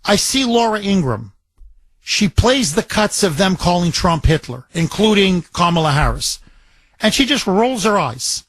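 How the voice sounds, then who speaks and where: A man's voice: sits high, sing-song, moderate pace, fairly bright tone, no room sound. A man hosting a political talk radio show, delivering an impassioned, emphatic monologue full of repetition.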